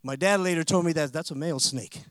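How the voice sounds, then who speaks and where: A man with a high voice preaches a sermon, telling a story in an animated way that climbs into forceful proclamations. The sound is close and dry, with almost no room echo. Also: fast talker.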